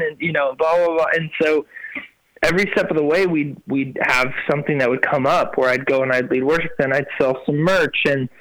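A man's voice: on the high side, a little fast, no room sound, low-quality recording. A young man, a worship musician, telling his story as a guest in a casual chat, full of fillers and acted-out quotes. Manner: animated, lots of fillers, acts out quotes.

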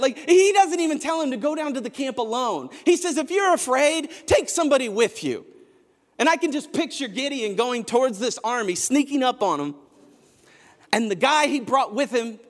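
Pastor, male, high animated delivery, storytelling sermon with shouted peaks, long hall reverb. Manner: storytelling, building to shouted emphasis.

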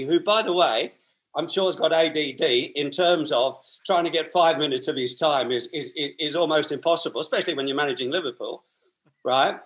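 A man's voice: fairly high pitch, fairly bright tone. An Australian man, a podcast guest, telling long rambling stories in a chatty way with frequent laughs. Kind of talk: anecdotal storytelling.

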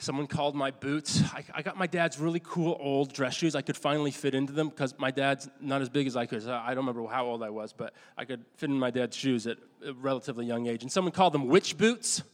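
A middle-aged man preaching a sermon in a conversational, storytelling way, often restarting his sentences and poking fun at himself. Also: medium pitch. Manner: conversational storytelling, halting restarts, self-deprecating. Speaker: pastor. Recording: long hall reverb.

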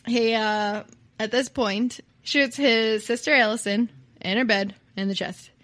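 A woman's voice: on the high side, steady tone, measured pace, a bit bright, no room sound. Chatty woman telling a true-crime story. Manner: chatty, laughs often, acts out quotes. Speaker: podcast co-host.

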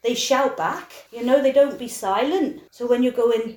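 A woman's voice: fairly high pitch, normal speed, few pauses. Candid woman choreographer in an echoey room. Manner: candid, animated storytelling with quoted voices. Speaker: choreographer and dancer. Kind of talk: casual interview talk.

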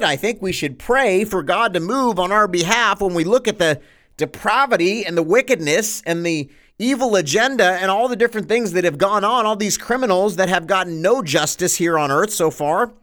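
A man hosting his own news show as a pastor, delivering an impassioned, sarcastic monologue that swings between loud outbursts and hushed asides. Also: high voice. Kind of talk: political news commentary monologue.

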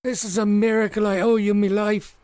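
A man's voice: sits high, flat delivery, a little fast, darkish tone, clean tone, voice pushed up, close to an everyday voice. A man voicing a cowardly male rat thief, weeping and pleading dramatically. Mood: gushing relief.

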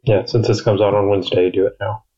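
A male podcast co-host who makes dry, brief remarks in a very deep, mellow voice. His sound is dull and lo-fi, as though from a weak remote line. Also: level tone, fast. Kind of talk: casual chat.

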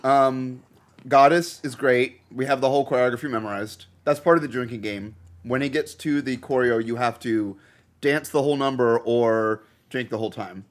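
This man is co-hosting a relaxed movie-review chat with friends. He retells scenes with animated delivery, and his voice sits at an average pitch. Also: normal speed. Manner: animated storyteller, acts out scenes. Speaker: podcast co-host.

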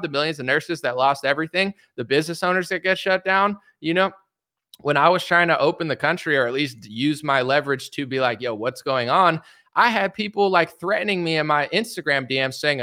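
A man's voice: on the high side, bright, forceful tone. A man hosting a podcast, ranting in heated, sarcastic political commentary and mocking others with put-on voices. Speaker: podcast host.

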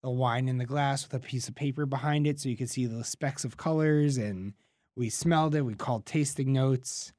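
A man's voice: medium pitch, normal speed, a little mellow, no echo. A man co-hosting a casual radio food show, rambling and correcting himself with dry humor, recorded on a studio mic. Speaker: co-host. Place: small podcast studio.

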